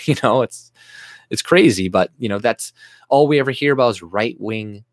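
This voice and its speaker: A man's voice: medium pitch, normal speed, no room sound, studio quality. A man delivering an agitated, profane, sarcastic political rant to camera, often restarting his sentences. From Canada. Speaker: YouTube commentator.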